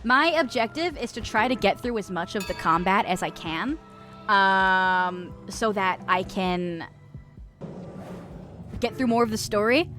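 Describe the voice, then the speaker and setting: A woman's voice: medium pitch, a little slow, fairly bright tone, faint music behind. A woman in her twenties streaming a game, chatting casually and swearing with her viewers. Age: 20s. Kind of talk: casual gaming stream chat.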